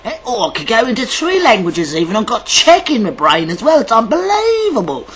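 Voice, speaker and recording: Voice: mid-range voice, huge pitch swings, fairly quick, a bit bright, husky, low-quality recording. A vlogger from Ireland talking in a rambling monologue, stumbling over words, swearing often and drifting between accents. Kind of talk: casual video monologue. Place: lives in Germany.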